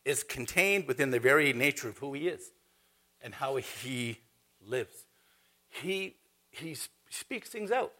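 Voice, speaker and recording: A man preaching a sermon in a conversational, animated way, quoting scripture and talking to the congregation. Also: medium pitch, unhurried.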